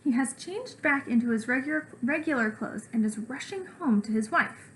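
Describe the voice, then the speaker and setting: A woman teacher reading a children's chapter book aloud with expressive, animated delivery. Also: high voice, moderate pace, low-quality recording.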